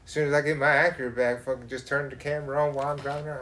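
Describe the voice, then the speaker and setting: A man in casual chat, telling profane, animated stories. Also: medium pitch, very fast, few pauses, echoey room.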